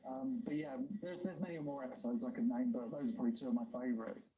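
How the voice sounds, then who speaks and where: A man's voice: medium pitch, fairly even intonation, fast, warm tone, a little hiss or hum, poor audio. A man hosting a livestream in casual chat, talking enthusiastically and rambling, with frequent laughs. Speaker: livestream host.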